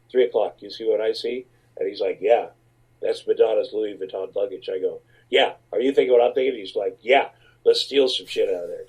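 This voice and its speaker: A man's voice: mid-range voice, mellow, slightly rough, low-quality recording. A middle-aged man telling rambling, profane anecdotes in a guest interview, acting out what others said. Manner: profane, rambling storyteller who acts out quotes. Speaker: guest actor telling stories.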